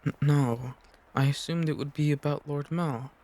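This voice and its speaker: A man's voice: a little high, steady tone, moderate pace, darkish tone, close to an everyday voice. A man doing a meek, stammering servant girl. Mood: hesitant. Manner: polite, hesitant, stammering.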